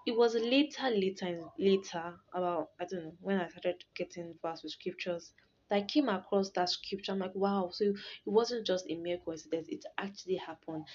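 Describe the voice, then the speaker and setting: A young woman tells a personal faith story in a casual, animated way. She laughs and restarts often as she talks. The recording is dull and lo-fi. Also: fairly low pitch. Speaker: storyteller sharing a testimony.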